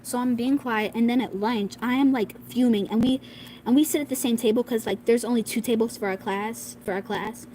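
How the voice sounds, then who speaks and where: Young girl vlogger, high voice, rambling storytime with lots of fillers, slight background noise. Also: fairly quick, mellow, poor audio. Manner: rambling, many "like"s, acts out quoted classmates. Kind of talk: casual storytime.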